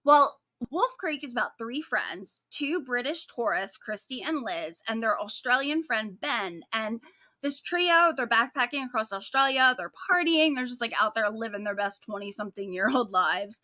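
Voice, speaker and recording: Bright, animated woman podcast co-host. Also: a little high, normal speed, no room sound, clean studio sound. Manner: animated, sarcastic storytelling with frequent likes. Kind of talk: casual true-crime chat.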